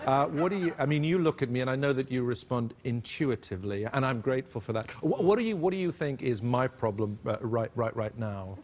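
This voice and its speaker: A man's voice: mid-range voice, expressive, brisk, few pauses, darkish tone. A man appearing as a talk show guest, an actor and director who talks earnestly and at length in a TV studio.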